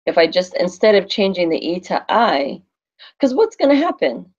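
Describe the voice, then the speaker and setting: Gravelly-voiced woman teaching a class. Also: medium pitch, very animated, normal speed, a little mellow, muffled recording. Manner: thinks aloud, quizzes the class. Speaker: Spanish teacher.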